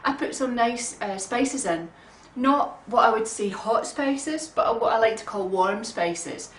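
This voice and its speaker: A woman giving a relaxed, homely cooking demonstration in her kitchen, chatting along with frequent ums. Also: on the high side, a little slow, a little hiss or hum. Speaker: home cook. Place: home kitchen. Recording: roomy kitchen sound from a distant mic.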